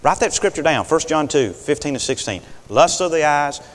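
A preacher delivering a sermon, folksy and animated, his voice climbing high and swooping widely. The sound carries the long echo of a big hall, and he keeps asking for amens. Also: normal speed.

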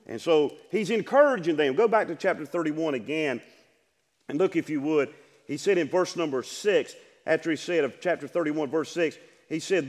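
An older man, a pastor, preaching an impassioned sermon, repeating phrases and rising to loud emphasis. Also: high-pitched, very animated, normal speed, big-room sound.

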